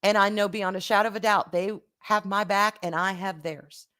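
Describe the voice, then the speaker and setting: A woman's voice: medium pitch, fairly even intonation, moderate pace, a bit bright. A woman hosting a live vlog, talking earnestly and casually to her viewers, often repeating words as she restarts, and greeting them by name. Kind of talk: heartfelt casual talk to viewers.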